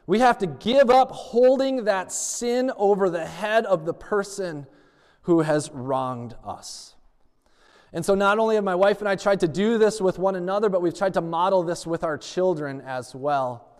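A man's voice: sits high, moderate pace, darkish tone, big-room sound. A man preaching a sermon as pastor, telling stories and acting out the dialogue of the people in them. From United States. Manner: storytelling preacher who acts out dialogue.

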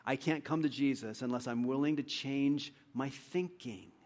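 A man preaching a sermon as a pastor, animated and dramatic, swinging between loud outbursts and quiet, low-key asides. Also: normal speed. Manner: animated, acts out quotes with big swings in loudness.

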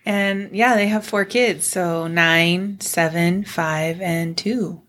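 A woman's voice: fairly low pitch, fairly even intonation, slow pace, fairly bright tone. A middle-aged woman co-hosting a casual chat show, telling stories about her week and laughing often. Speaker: podcast co-host.

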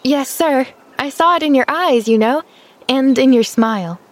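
A woman reading an audiobook, voicing a cheerful, eager and polite little girl who chatters brightly. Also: high-pitched, normal speed, pitched above the performer's own voice, natural voice.

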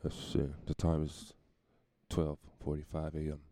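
A man putting on Batman as a brooding detective, narrating clues in a slow, flat way. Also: rumbling low, no echo, voice pushed down.

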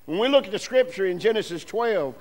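Man, preacher, high voice, sermon, emphatic, repetitive phrasing. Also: lively intonation, a little fast, poor audio.

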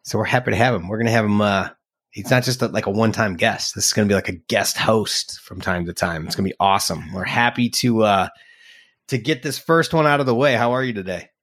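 A man hosting a podcast, chatting casually and teasing his co-host in an animated, joking way. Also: lowish voice, quick pace. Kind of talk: casual chat.

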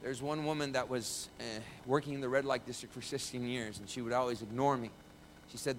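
A man preaching as a pastor, telling a story with lively quoted voices before a congregation. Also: medium pitch, brisk, a little hiss or hum, rough recording. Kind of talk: sermon with storytelling. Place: church stage before a congregation.

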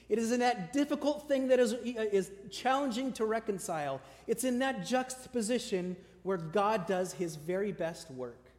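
A male pastor preaching a sermon with emphatic repeated lists, dropping to a soft conversational tone when he tells stories. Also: high voice. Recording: long hall reverb.

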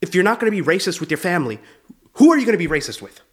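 A man's voice: sits high, big pitch swings, rapid-fire. A male comedian hosting his show, riffing in a loose, profane monologue that is full of "dude". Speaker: comedian host.

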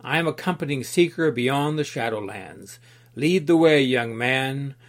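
Man voicing a fussy, agreeable fellow in a storybook reading, mild and quick to complain. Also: medium pitch, animated.

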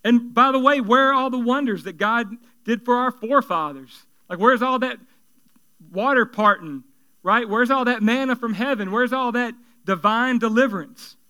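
A preacher acting out an exasperated, sarcastic young farmer. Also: male voice, very high-pitched, normal speed, sharp tone, clear, resonant tone. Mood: indignant. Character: scared, indignant young male farmer complaining.

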